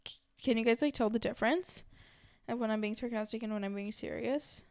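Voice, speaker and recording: A woman's voice: on the high side, brisk. A young woman vlogging to her followers in a chatty, rambling way, full of "like" and restarts. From Los Angeles area. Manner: chatty, rambling, many fillers like "like". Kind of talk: casual chat to camera.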